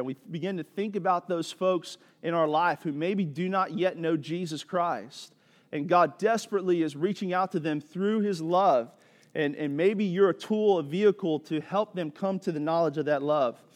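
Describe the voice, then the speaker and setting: A high-pitched male pastor delivering a sermon in a church, shifting between chatty slang and rising intensity. His voice carries a long hall reverb from the sanctuary. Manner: conversational, casual slang, building in intensity.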